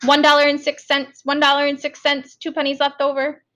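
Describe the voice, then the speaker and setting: A woman's voice: high voice, completely flat delivery, a little fast, pushed and bright, pitched above the performer's own voice. A woman voicing a fixated young girl who insistently repeats the same sums. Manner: insistent, repetitive.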